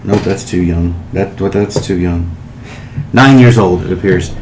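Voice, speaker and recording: A man narrating a tabletop game as game master, in a casual, relaxed way with fillers. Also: sits low, a little slow. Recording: echoey room, faint hiss.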